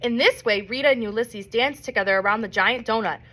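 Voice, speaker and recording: A woman reading a children's novel aloud in an expressive storybook manner. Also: a little high, brisk. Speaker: reader.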